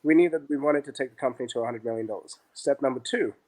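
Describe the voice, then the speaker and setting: A man's voice: medium pitch, very fast. A middle-aged man, an interview guest and business founder, telling stories in a conversational way and acting out the dialogue. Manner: animated, acts out dialogue in quotes. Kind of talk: conversational storytelling.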